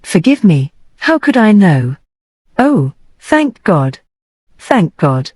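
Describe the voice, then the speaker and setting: A woman's voice: fairly low pitch, sing-song, slow, a little mellow, husky, no echo, heavily acted. A woman voicing an earnest young man, a grieving brother, in an audiobook, speaking with urgent emotion.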